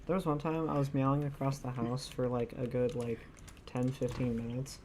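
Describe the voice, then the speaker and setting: Low-voiced woman streaming, keyboard clacking. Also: flat delivery, normal speed, warm tone. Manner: joking, swearing, storytelling. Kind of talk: casual live-stream chat. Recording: keyboard typing noise.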